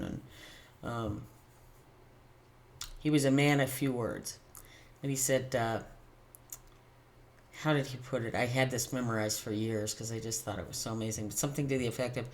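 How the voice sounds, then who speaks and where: A middle-aged woman with a low voice recounts a personal anecdote straight to the camera. She tells it in an animated, casual way, laughing often and starting sentences over. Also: moderate pace, pauses often. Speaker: tarot channel host.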